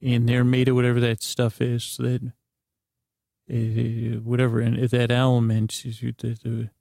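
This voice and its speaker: A middle-aged man rambling through an improvised bedtime story, halting and restarting often. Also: mid-range voice, completely flat delivery, gravelly, warm tone, dry recording, clean studio sound. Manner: meandering, halting, with many restarts. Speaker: bedtime podcast host.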